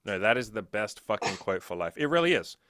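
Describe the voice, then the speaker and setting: Male podcast host, coach type; lowish voice, profane and animated, dry studio sound. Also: brisk, no room sound. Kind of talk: casual podcast chat.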